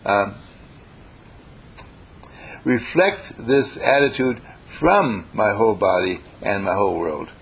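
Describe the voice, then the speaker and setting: A man leading a workshop, gently critiquing students' written work with a meandering delivery full of hesitations. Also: on the low side, slow, pauses often, breathy edge. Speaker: workshop teacher. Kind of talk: classroom feedback on student writing.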